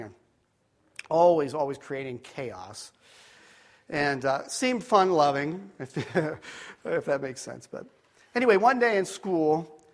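A middle-aged man preaching, telling a personal story with many asides and restarts. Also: a little high. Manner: rambling storyteller, drops to quiet tones for serious moments.

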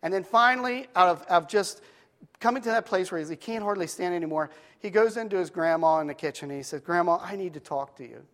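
A man preaching a sermon, telling a story and acting out the characters' lines in a soft, hushed voice. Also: sits high, fast, big-room sound. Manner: animated storyteller, acting out voices, drops to hushed tones for quotes. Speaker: pastor.

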